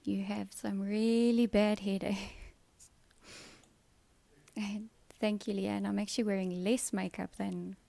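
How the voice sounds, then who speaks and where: A woman's voice: medium pitch, little pitch movement, takes it slowly, gravelly, mellow, no echo. A South African woman chatting casually on a live stream from home, answering viewers by name with dry sarcasm. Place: at home, kids' TV in another room.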